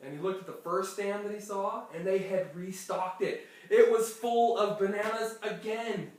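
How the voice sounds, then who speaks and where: A storyteller improvising a lively bedtime story for a child, laughing often and acting out sound effects. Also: mid-range voice, moderate pace. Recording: echoey room, distant mic, faint noise.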